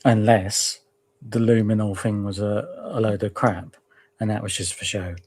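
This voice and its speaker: Husky-voiced man speculating. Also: on the low side, steady tone, normal speed. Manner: speculative, thinks out loud. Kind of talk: casual discussion.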